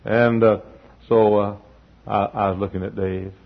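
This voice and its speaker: Man, pastor, sermon, husky, dull lo-fi recording. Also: lowish voice, level tone, a little slow. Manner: storytelling, swells to shouting peaks.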